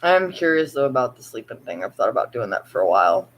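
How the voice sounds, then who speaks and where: A woman's voice: extremely low pitch, big pitch swings, poor audio. A woman chatting casually to viewers at home at night, rambling and laughing as she talks. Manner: rambling, laughing, slow and drawn-out. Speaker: vlogger.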